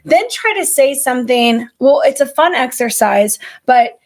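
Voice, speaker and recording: A woman co-hosting a podcast in casual chat, animated and candid, often chiming in with quick agreement. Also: high voice. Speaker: podcast co-host.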